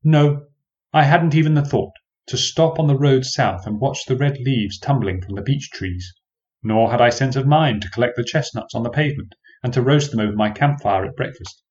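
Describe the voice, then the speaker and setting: A man telling a first-person story in measured, wry, old-fashioned formal phrasing. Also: medium pitch, a little mellow, highs cut off.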